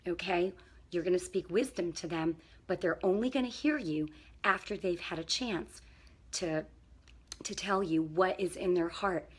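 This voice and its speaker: A woman's voice: fairly low pitch, breathy edge. A middle-aged woman, a parenting coach and counselor, talking to camera in a casual, faith-based way. She is earnest and encouraging and keeps checking in with the viewer.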